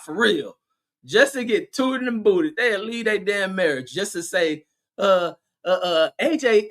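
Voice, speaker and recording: High-pitched, profane streaming host. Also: male voice. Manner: loud, profane, laughing, riffing on chat comments. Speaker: livestream host. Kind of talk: casual livestream commentary reading chat.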